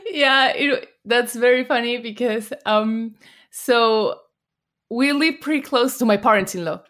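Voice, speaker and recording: A woman with a Mexican Spanish accent, a native Spanish speaker, chatting as an interview guest and telling animated stories with frequent laughter. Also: on the high side, measured pace. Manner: laughs often, animated storyteller. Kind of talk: casual interview chat.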